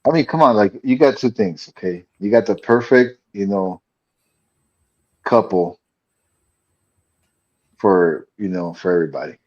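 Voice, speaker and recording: A man co-hosting a podcast in casual chat, rambling and halting with many fillers. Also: lowish voice, a little mellow. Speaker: podcast co-host. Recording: dull lo-fi mic.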